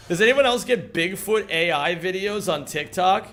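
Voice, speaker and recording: A man's voice: high-pitched, expressive, moderate pace, few pauses, a bit bright. A man speedrunning a game on stream, casually joking and swearing as he chats with viewers. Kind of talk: casual gaming commentary.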